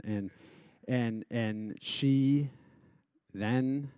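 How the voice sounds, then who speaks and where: A man's voice: lowish voice, fairly even intonation, takes it slowly, warm tone, no echo. A man who stutters openly, with repeated sounds and restarts, gives a personal speech as an honoree before a live audience. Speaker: gala honoree giving a speech.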